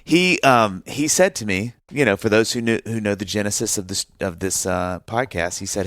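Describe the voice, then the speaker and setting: A man's voice: fairly low pitch, normal speed, few pauses, a bit bright. A man co-hosting a podcast in casual chat, exuberant, rambling and poking fun at himself. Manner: exuberant, rambling and self-mocking. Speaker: podcast co-host.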